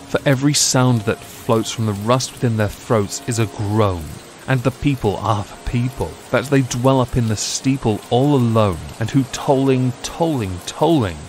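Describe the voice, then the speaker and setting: A man giving a rhythmic, dramatic recitation of a poem as an ASMR poetry reading. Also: lowish voice. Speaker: poetry reader. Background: soft music and rain ambience.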